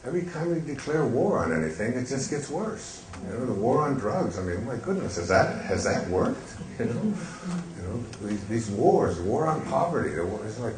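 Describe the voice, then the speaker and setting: An older man telling a gentle, meandering story with soft laughs and many fillers. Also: medium pitch, big pitch swings, normal speed, reverberant, a little hiss or hum, low-quality recording. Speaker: speaker. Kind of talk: reflective storytelling talk.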